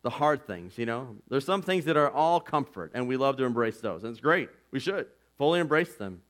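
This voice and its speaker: A man preaching a sermon as pastor, earnest and conversational, swinging from loud declarations to hushed asides. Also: on the high side. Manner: earnest and conversational, with "like" and "you know".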